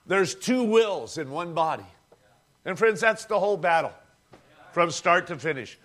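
A man's voice: high voice, expressive, measured pace, fairly bright tone. A man preaching a sermon, telling a story dramatically and calling the congregation friends.

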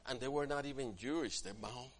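A man preaching a sermon as pastor, swinging from quiet asides to loud, emphatic passages and acting out what church members say. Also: mid-range voice, a little fast. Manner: acts out quoted church members in different voices.

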